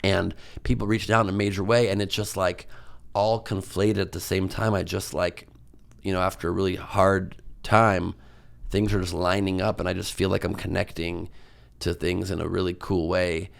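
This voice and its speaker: Low, gravelly man telling stories. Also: normal speed. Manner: rambling, animated, filler-heavy, self-mocking. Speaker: comedian guest. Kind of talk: casual podcast storytelling.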